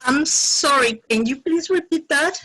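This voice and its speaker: Caller, woman, high and bright, emotional thanks. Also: unhurried. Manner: emotional, grateful.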